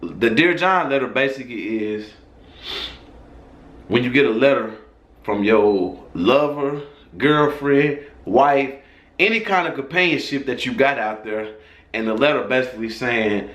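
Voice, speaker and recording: A man's voice: mid-range voice, animated, a little slow, a bit bright, roomy sound. A man casually telling a personal story in a loose, profane, conversational way.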